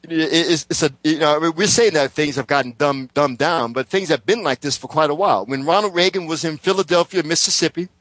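A man's voice: on the high side, fairly quick, few pauses, fairly bright tone, no room sound. A man in casual political chat, ranting heatedly and swearing constantly.

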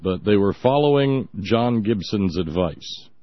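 A man's voice: fairly low pitch, lively intonation, a little slow, no room sound. A man hosting a talk show, mocking the clips he plays and breaking into laughter and silly voices, on a dull lo-fi recording. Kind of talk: sarcastic commentary on clips.

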